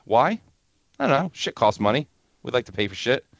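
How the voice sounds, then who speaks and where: A man's voice: mid-range voice, very animated, a little fast, gravelly, no echo. A man co-hosting a podcast, joking in a crude, offhand way. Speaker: podcast co-host. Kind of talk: casual podcast banter. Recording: slightly dull, lo-fi mic.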